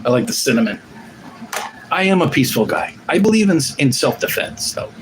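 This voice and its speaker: Man in his forties, live-stream host, lively swooping delivery, profane rambler, faint hiss behind. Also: on the high side, fairly quick. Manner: rambling, profane, restarts often. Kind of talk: casual live-stream chat.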